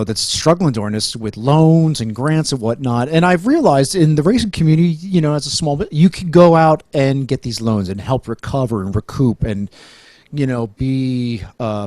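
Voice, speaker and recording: Hosting a casual interview podcast, a middle-aged man from New Jersey speaks with that state's accent in a mid-range voice with a darkish tone. He rambles, jokes, and restarts often, and the recording is dry and studio quality.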